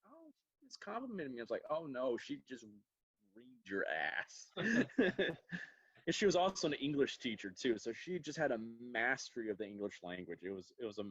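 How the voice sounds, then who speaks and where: A man tells playful stories in a relaxed chat. His pitch swings lively. The sound is dry and a little dull, as over a video call. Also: no echo. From American South.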